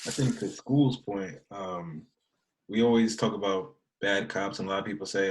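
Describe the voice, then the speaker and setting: A podcast co-host in a casual discussion, asking measured, probing questions. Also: male voice, lowish voice, steady tone.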